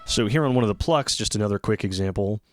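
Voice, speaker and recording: Low-voiced man demoing gear casually. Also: fast talker, over loud music. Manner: relaxed, loose, self-interrupting explainer. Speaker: synthesizer demo host. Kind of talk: casual hands-on gear demonstration.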